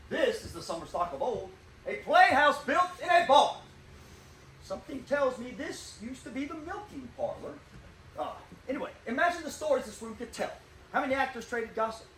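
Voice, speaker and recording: An actor playing a vain, self-doubting stage actor who declaims grandly and then sinks into nervous gloom, in a live stage play. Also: male voice, very high voice, a bit bright. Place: theater stage. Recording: echoey stage, distant mic, faint hiss.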